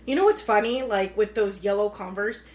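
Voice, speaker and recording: A woman co-hosting a casual podcast from home, chatty and enthusiastic and quick to laugh. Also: mid-range voice, a little mellow, a little hiss or hum. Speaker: podcast co-host. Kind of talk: casual chat. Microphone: pink studio mic.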